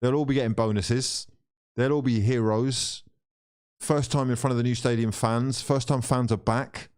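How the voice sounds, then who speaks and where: A man hosting a live football watchalong. He swears freely, talks straight to his viewers and swings between frustration and excitement. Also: medium pitch, moderate pace.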